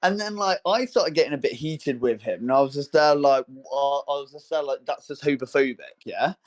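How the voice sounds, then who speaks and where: A young man co-hosting a casual podcast, telling a story with many fillers and restarts and acting out quotes in a higher voice. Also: brisk. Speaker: podcast co-host. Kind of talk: casual chat.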